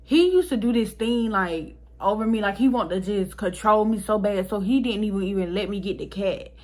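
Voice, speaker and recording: A young woman vlogger telling a personal story to her viewers in a casual, animated and emotional way, speaking straight to them and swearing freely. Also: medium pitch, moderate pace.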